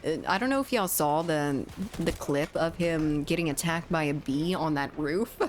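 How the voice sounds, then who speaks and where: A woman's voice: deep voice, moderate pace, slight background noise. A young woman chatting casually with her chat while playing a shooter on a livestream, swearing freely and reacting to the game. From United States. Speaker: streamer.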